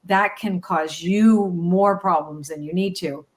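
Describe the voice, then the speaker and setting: A woman's voice: fairly low pitch, slow pace. A woman oracle card reader talking casually and reflectively through a reading, often checking in with "right?".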